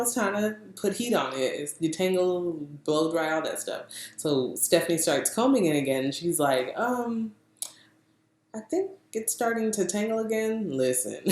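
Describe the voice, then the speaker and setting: Young woman vlogger, low voice, lively chatty storytelling, roomy echo. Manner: chatty, animated, laughs often, acts out quotes. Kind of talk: casual storytelling vlog.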